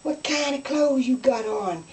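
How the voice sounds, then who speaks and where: A woman's voice: sits high, lively intonation, unhurried, distant mic, a little hiss or hum, voice pushed up. A woman doing a twangy old hillbilly ma. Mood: suspicious. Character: nosy old hillbilly mother.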